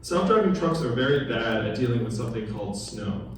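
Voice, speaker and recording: A man's voice: mid-range voice, expressive, fairly quick, distant mic, a little hiss or hum. A man addresses a crowd at a town hall in a loose, conversational way, throwing questions at the listeners. He is heard from well across a very echoey room, with a faint murmur of the space behind him. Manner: conversational, quizzes the audience. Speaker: political candidate. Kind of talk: town hall campaign speech. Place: large echoey room at a political gathering. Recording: very echoey room recorded from afar.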